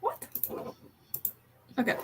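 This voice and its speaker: A woman's voice: slow, fairly bright tone, a little hiss or hum. A young woman co-hosting a reading livestream, chatting playfully and testing how she pronounces words. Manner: playful, testing her own pronunciation aloud. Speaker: booktube co-host. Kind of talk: casual chat on a reading livestream.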